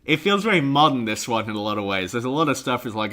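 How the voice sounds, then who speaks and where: A man's voice: mid-range voice, very animated, quick pace, bright, forceful tone. A man co-hosting a podcast in casual chat, joking and laughing often. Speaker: podcast co-host.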